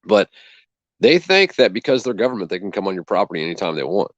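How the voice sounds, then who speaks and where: A man with a fairly low voice tells a story in a casual, indignant way, swearing freely and acting out what each person said. The sound is dull and lo-fi, dry and close, with no room around it. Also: very animated, fast, fairly bright tone, no room sound. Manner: indignant, profane, acts out both sides of a conversation. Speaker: channel host.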